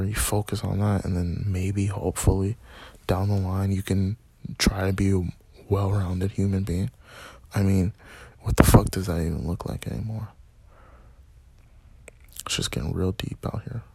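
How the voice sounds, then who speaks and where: A man hosting a casual solo podcast from a small dark room, rambling and swearing in a laid-back way. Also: sits low, flat delivery, normal speed, creaky, pauses often, breathy edge, dry recording. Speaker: podcast host.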